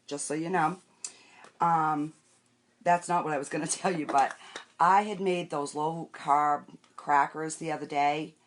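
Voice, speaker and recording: Low-voiced older woman chatting on a live stream. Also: a little hiss or hum. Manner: chatty, rambling, greets viewers by name; talks while wiping her face and doing makeup. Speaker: makeup vlogger. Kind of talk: casual live-stream chat.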